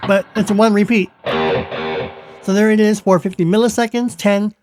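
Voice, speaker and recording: A man's voice: high-pitched, wildly swooping pitch, normal speed. A man talking casually through his guitar effects settings, playful and self-amused, chuckling between remarks. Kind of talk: casual tutorial talk. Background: electric guitar playing.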